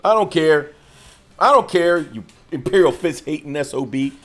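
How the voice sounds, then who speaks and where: Animated joking man, laughing a lot. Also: on the high side, moderate pace. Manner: laughing, jokey, puts on gruff impressions. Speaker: co-host. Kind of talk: casual podcast banter.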